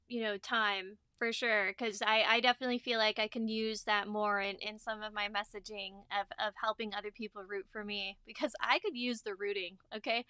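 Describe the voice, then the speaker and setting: A woman's voice: fairly high pitch, clean tone, dry recording, studio quality. A woman hosting a business interview, speaking in an encouraging, heartfelt way. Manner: warm, emotional, encouraging. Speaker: host.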